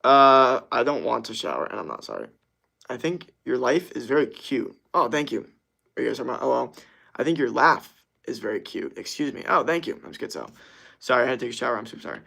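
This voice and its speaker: Laid-back young man with a gravelly voice. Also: mid-range voice, big pitch swings, fast talker, sharp tone. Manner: laid-back, reads comments aloud, laughs easily. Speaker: streamer answering chat. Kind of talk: casual livestream chat.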